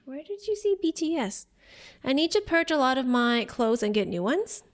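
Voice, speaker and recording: A woman's voice: high voice, normal speed. A woman streamer chatting casually with her viewers, addressing them by name and laughing often. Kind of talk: casual live-stream chat.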